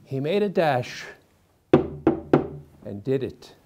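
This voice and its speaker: A male actor telling a classic story with theatrical flair. His delivery is slow and deliberate. His pitch moves widely as he dramatizes each moment. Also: big pitch swings, gravelly, warm tone. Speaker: actor and narrator.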